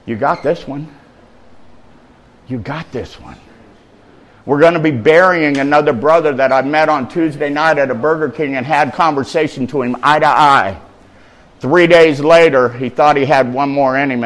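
A man's voice: mid-range voice, moderate pace, rough recording. A middle-aged man preaching a street-style sermon, retelling scripture in slangy, emphatic language.

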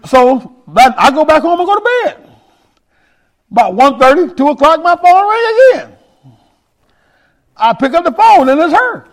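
A man telling his life story as a testimony, emphatic, sinking low and quiet when he warns. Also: big pitch swings, moderate pace, pauses often. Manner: emphatic, drops low and quiet for quoted warnings.

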